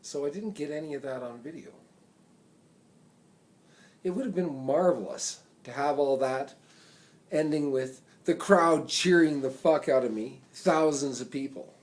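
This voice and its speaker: A man, telling a rambling story to a phone camera in a casual, drawn-out way. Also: medium pitch. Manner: rambling, slow, drawn-out delivery; loud and excited when reenacting chants. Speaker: vlogger.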